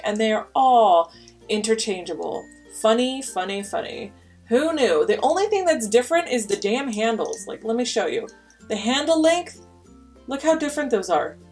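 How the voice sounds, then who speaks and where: A young woman vlogger reviewing makeup brushes in a chatty, enthusiastic way, sometimes dropping to a whisper. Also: mid-range voice. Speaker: beauty vlogger.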